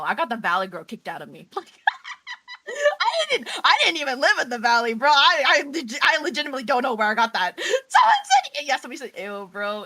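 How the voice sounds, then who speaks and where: Brief: young woman streamer, bright and animated, giggly and slangy. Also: a little high. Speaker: vtuber streamer. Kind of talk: casual chat.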